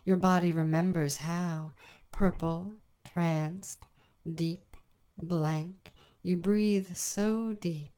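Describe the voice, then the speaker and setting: A woman guiding a hypnosis session in a soft, measured, hypnotic voice, counting slowly. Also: fairly low pitch, steady tone, clean tone. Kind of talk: slow guided hypnosis narration.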